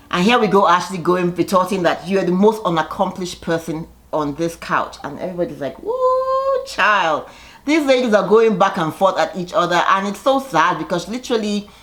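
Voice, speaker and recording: A woman giving a casual, gossipy recap of a reality show, chatty and animated when she quotes people. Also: on the low side.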